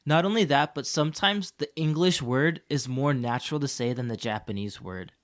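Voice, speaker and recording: A man's voice: medium pitch, normal speed. Chatty rambling male podcast co-host. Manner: chatty storyteller, rambling with fillers. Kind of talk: casual chat. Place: Tokyo.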